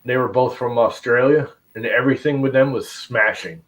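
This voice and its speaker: A man's voice: medium pitch, normal speed, fairly bright tone, rough recording. A man chatting on a video call, joking and laughing as he tells stories. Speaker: guest. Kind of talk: casual video call chat.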